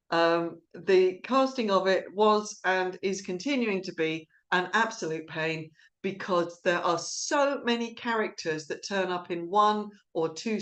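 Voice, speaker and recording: Woman, live-stream host, mid-pitched, chatty and rambling, video-call sound. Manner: rambling, chatty, quick laughs. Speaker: director and host of an online play reading. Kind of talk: casual live-stream chat.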